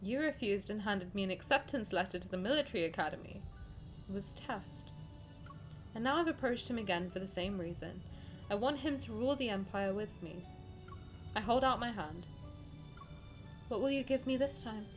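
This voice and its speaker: A woman's voice: mid-range voice, lively intonation, normal speed, long pauses, soft background music. A woman streamer reads a game story aloud and reacts to it with effusive, emotional chatter. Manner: effusive, emotional, laughs often.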